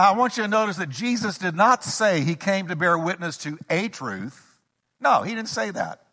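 A man's voice: a little high, sharp tone. A male pastor preaching a sermon, emphatic, with rising repeated questions. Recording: long hall reverb.

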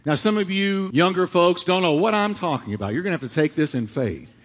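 A middle-aged male pastor preaching a sermon, swinging from loud, dramatic lines to hushed ones. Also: high voice, animated, fairly quick. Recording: long hall reverb.

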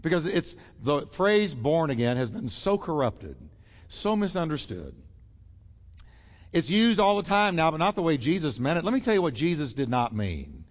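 A man's voice: on the high side, sing-song, normal speed, big-room sound. A man preaching a sermon as pastor, emphatic and acting out the voices he quotes.

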